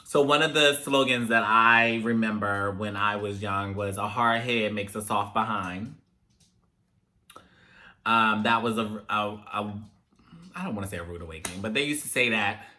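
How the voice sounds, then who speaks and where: A young man hosting a casual talk video, telling animated stories about growing up in African American English. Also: fairly low pitch, moderate pace, long pauses. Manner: chatty, animated when telling parent stories. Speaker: host. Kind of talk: casual chat, storytelling to viewers.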